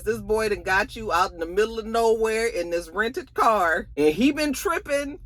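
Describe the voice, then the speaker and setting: A woman recaps a TV episode in a chatty, sassy way, tagging "okay?" onto her points. Her voice is bright and forceful. The delivery is casual, as if talking to viewers. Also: a little high, expressive, normal speed. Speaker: YouTube show reviewer.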